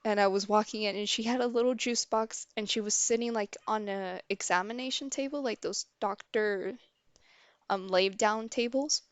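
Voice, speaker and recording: A young woman streamer telling a personal story, candid and halting, with many restarts. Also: mid-range voice, clear, resonant tone, dry recording.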